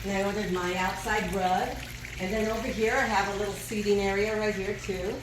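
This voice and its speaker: A woman's voice: mid-range voice, fairly even intonation, fairly quick, background noise. A woman chatting casually to her viewers in a home vlog, filmed in her courtyard by a relative, rambling with frequent fillers. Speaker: cooking vlogger hosting a house tour. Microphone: camera held by her nephew.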